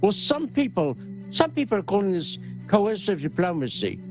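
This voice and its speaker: Brief: man putting on a snide British reporter, put-on accent, high voice, muffled sound. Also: sing-song, normal speed. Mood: mocking. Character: mocking impression of a male British reporter. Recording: muffled lo-fi with music behind.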